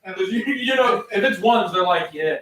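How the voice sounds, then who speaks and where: Excitable male co-host, high voice that swings all over, echoey off-mic room sound. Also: moderate pace, recorded from a distance, crowd noise. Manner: excitable, laughs a lot, jumps in on others. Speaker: podcast co-host. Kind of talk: casual chat among friends. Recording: roomy, off-mic with faint background noise.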